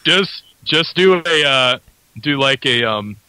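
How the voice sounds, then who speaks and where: A man hosts a radio chat in a bright, forward tone, recorded dry and close. He rambles through his points with lots of fillers and keeps breaking into laughter. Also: medium pitch, animated, slow pace, smooth, no room sound, rough recording. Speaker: radio show host. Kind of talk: casual radio interview.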